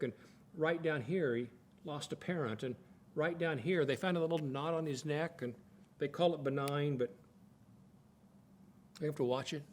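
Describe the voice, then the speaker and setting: Older man teaching, fairly high voice. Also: a little hiss or hum. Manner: folksy, repeats words while thinking aloud. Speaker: Bible college teacher. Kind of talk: conversational teaching talk.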